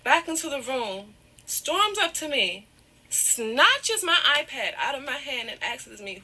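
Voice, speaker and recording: Woman near tears telling her story, bright edgy voice, keeps saying sorry and however. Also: high voice, big pitch swings, slow. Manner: apologetic, repeats "however", digresses. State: close to tears. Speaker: guest telling her side of a breakup. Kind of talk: emotional personal storytelling.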